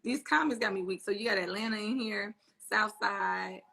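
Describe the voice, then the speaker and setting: A woman's voice: medium pitch, normal speed, vocal fry, pushed and bright. A woman co-hosting a casual live stream, teasing her co-host and reading viewer comments with brash, profane humor. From born in Spain, raised in Florida and Texas. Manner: brash, teasing, swears freely.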